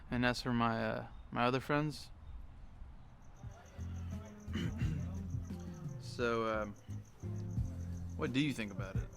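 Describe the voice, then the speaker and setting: An actor playing an insecure young filmmaker who hesitantly asks a friend's opinion. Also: male voice, mid-range voice, slow pace, vocal fry, long pauses, over music. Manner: hesitant, defensive.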